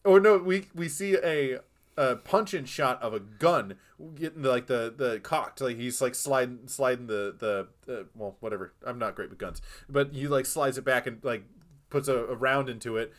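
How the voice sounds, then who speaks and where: A man co-hosting a film podcast, retelling scenes in a rambling, animated way with acted-out quotes. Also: mid-range voice, moderate pace. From lives in Boston. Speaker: podcast co-host. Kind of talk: casual film discussion.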